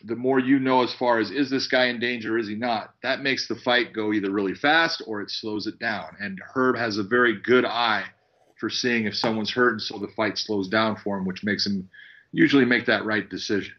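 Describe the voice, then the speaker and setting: A man, a fight referee and podcast guest, telling stories in a lively way and acting out what people said. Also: fairly low pitch, moderate pace. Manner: animated storyteller acting out quotes. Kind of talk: casual podcast chat. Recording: dull lo-fi audio.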